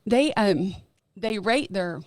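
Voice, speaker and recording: A middle-aged woman talking as a podcast guest, earnest and emphatic, slowing down to stress her key points. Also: medium pitch, lively intonation, no room sound. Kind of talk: casual chat.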